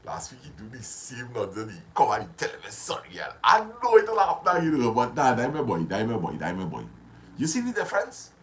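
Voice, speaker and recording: A man gives life advice on a casual live stream, and his pitch swings high and low as he gets going. He repeats phrases for emphasis and stops to greet viewers by name. Faint background noise sits under his voice. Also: a little fast. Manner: animated, repetitive, drifts into greeting viewers.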